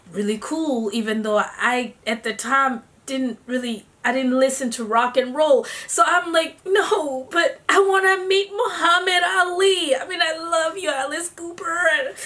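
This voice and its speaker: A young woman from Africa telling a personal story to her vlog viewers, animated and chatty, calling them y'all. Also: medium pitch. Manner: animated, acts out her own squeals and gasps. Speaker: vlogger. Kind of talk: casual storytelling.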